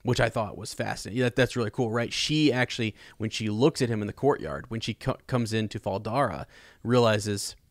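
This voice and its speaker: A man's voice: fairly low pitch, fairly quick, no echo. Chatty man on a book podcast. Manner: loose and chatty, lots of "you know" and "like". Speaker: podcast co-host. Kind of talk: casual book discussion.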